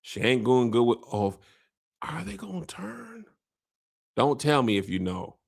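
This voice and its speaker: A man hosts a loose, comedic TV recap with a gravelly, lively voice that jumps up and down in pitch. He rambles and jokes, slipping into the characters as he goes. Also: measured pace. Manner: rambling, joking, acts out characters. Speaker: podcast host.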